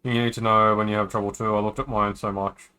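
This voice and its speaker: Reading a visual novel to his stream, this man has a fairly low, bright, forceful voice with a flat, fast delivery and a clean tone. His manner is casual and joking, with asides drifting in between lines.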